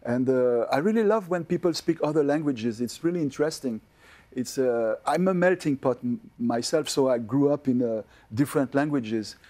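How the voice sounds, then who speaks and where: A man's voice: medium pitch, normal speed, dark tone. An older man from France with a French accent, an actor answering TV interview questions in a hesitant way, with many fillers and restarts. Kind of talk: TV interview chat.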